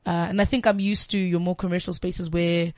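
A woman's voice: lowish voice, flat delivery, a little fast, darkish tone, no echo. A woman in her twenties, a presenter chatting as a guest in a casual interview. She laughs often and repeats words as she gets going. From South Africa. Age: 20s.

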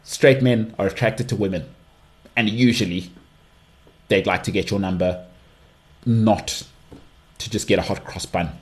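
A man with an English accent hosting his own podcast alone, giving strong opinions and often leaping into high-pitched mocking outbursts. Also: fairly even intonation, a little slow, long pauses. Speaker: podcast host. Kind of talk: solo podcast monologue.

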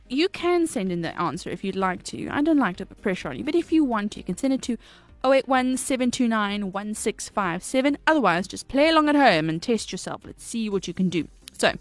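A woman's voice: mid-range voice, no echo. A young South African woman co-hosting a youth radio show, chatting casually and reading out a quiz. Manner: chatty, quick asides, slows to read quiz options. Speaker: radio co-host.

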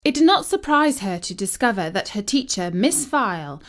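A woman narrating a storybook in a measured, gently wry manner. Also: mid-range voice, big pitch swings. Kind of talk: storybook reading.

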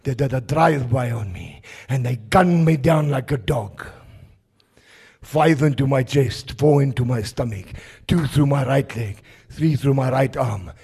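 A South African man preaching a fervent testimony sermon at a service in a prison, with a raspy voice. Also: mid-range voice, a little slow, darkish tone. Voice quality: raspy, gravelly voice.

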